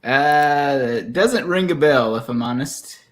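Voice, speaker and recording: A man's voice: mid-range voice, lively intonation, slow. A man with a Southern US accent, chatting casually on a livestream and laughing easily. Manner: laughs often, self-deprecating. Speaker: streamer and guest. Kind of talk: casual chat.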